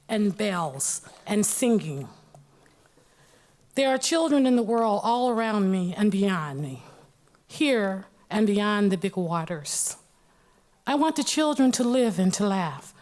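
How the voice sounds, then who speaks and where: Earnest woman speaking slowly and steadily. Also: medium pitch, a little mellow. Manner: earnest, measured, clears throat now and then. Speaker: illustrator and poetry reader. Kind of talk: poetry recitation and personal remarks.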